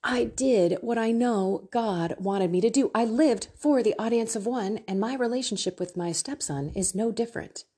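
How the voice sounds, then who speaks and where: A woman's voice: fairly high pitch, normal speed, hardly any pauses, dark tone, husky. A middle-aged woman hosting a faith podcast, teaching her listeners in a candid, emotional way and laughing often.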